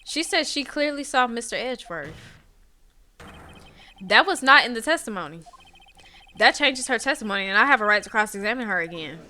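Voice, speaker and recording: Woman reading a determined young defense attorney from a game, pointed and bright. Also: on the high side, animated, a little fast, long pauses. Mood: insistent. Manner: insistent, pointed.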